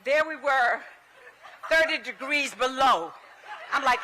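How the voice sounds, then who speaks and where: A woman giving a public tribute speech at an outdoor ceremony, telling stories in an animated way and acting out the people she quotes. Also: sits high, takes it slowly, slight background noise. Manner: animated storytelling, acts out quoted voices.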